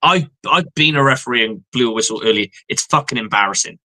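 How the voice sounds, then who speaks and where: A man co-hosting a live sports reaction stream, with a crisp, forceful, bright tone. He gets heated and swears freely. He acts out back-and-forth referee exchanges in his own voice. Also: medium pitch, lively intonation, fast, poor audio. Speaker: co-host. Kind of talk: casual sports reaction chat.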